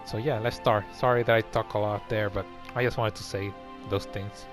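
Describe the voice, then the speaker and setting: A man commenting loosely on a game as he plays, rambling and chatty. His voice sits somewhat low. Game music plays clearly behind him. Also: fairly even intonation, normal speed. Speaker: let's play commentator. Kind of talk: casual gameplay commentary.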